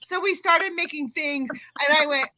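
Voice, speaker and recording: Rambling host, high bright voice, casual chat. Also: female voice, a little slow, no echo, rough recording. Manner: rambling, restarts her sentences. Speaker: channel host.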